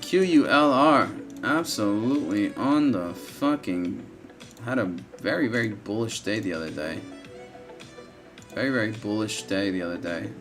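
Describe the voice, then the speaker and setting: A man's voice: on the low side, lively intonation, moderate pace, a bit bright, faint music behind. A man hosting a live trading stream, talking casually and bluntly, swearing often and repeating himself, tired and yawning from lack of sleep. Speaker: trading livestream host. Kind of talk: casual live market commentary.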